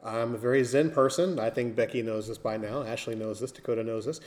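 A man with an ordinary mid-range voice chats on a casual podcast. He talks in a relaxed, joking way, with easy, unhurried phrasing. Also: medium pitch. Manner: laid-back, joking.

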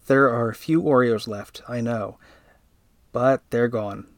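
A man reading a first-person story aloud in a steady, even narrating voice. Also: mid-range voice, takes it slowly, dry recording.

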